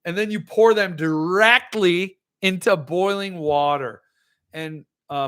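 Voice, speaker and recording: A man hosting a casual monologue, rambling and animated with excitable outbursts. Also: on the high side. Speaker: host.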